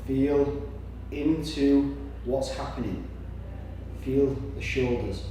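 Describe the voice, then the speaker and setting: Male movement coach, encouraging and steady, recorded far off in a reverberant room with faint background noise. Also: medium pitch, slow. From Britain. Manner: encouraging, breathing audibly between cues. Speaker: somatic exercise instructor. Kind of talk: guided exercise instruction.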